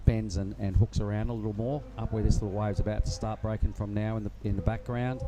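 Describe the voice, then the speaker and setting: A man commentating live surfing in a relaxed, rambling way. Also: fairly low pitch, fast talker, background noise. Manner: relaxed, rambling, many fillers. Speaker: surf commentator.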